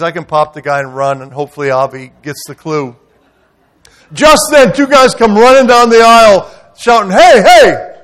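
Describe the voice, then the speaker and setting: A man preaching a sermon as guest pastor in a church, telling a story dramatically and swinging from loud outrage to hushed tenderness. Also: sits high.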